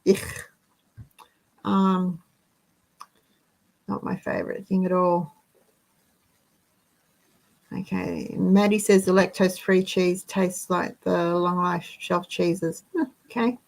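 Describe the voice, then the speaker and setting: A woman with a low-ish, gravelly, darkish voice speaks at a slow, steady pace and pauses often, on a rough recording. She's out of breath while hosting a casual live chat, chatting with her audience and reading out viewer comments.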